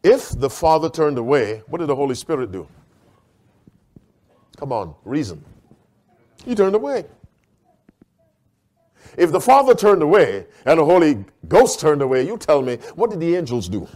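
Middle-aged guy preaching, voice a bit high, keeps asking the crowd questions, slows way down and goes quiet to make a point. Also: big pitch swings. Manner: questions the congregation and has them read Bible verses aloud; slows down and drops to a hush for emphasis. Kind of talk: sermon.

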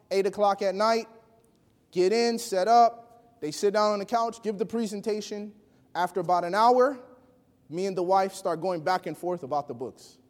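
A man preaching a sermon, telling a personal story with animated delivery that swings between hushed and loud. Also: sits high. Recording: long hall reverb.

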